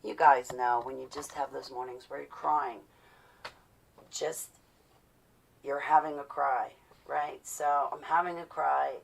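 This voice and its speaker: A woman chatting casually with her viewers on a livestream from home, rambling into animated stories. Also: very deep voice, measured pace, vocal fry, recorded from a distance, a little hiss or hum.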